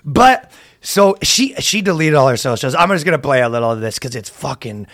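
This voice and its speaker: A man's voice: medium pitch, lively intonation, a little fast, fairly bright tone. A man hosting a comedy podcast, telling crude, joking stories full of swearing in casual chat. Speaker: podcast host.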